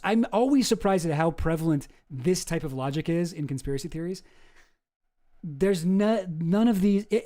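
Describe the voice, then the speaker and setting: A man's voice: high-pitched, warm tone. A man streaming, reacting to a video in a rambling, exasperated way and swearing freely. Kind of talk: casual commentary.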